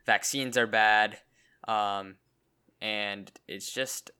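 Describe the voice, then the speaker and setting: Young male co-host, bright and crisp, stammers through loose chat. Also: lowish voice, steady tone, very slow. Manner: stammering, frequent restarts. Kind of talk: casual chat.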